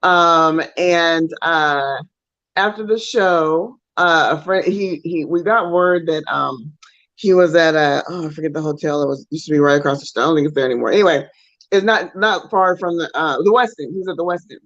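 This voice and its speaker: Animated woman telling a story. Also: sits low, normal speed, dry recording, lo-fi sound. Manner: animated storyteller, acts out voices in quotes. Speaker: co-host. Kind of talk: casual storytelling chat.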